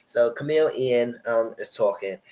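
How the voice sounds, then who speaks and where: Guy casually recapping a tv episode, rambly and chatty, medium pitch. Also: moderate pace, darkish tone, low-quality recording. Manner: chatty, rambling, slips into character voices. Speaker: TV review host.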